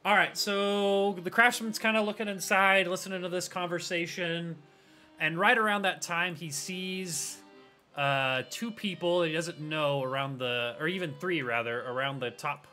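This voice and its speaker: A man's voice: sits high, fairly even intonation, moderate pace, bright, forceful tone, soft background music. A man narrating as game master for a tabletop game, rambling loosely with hedges.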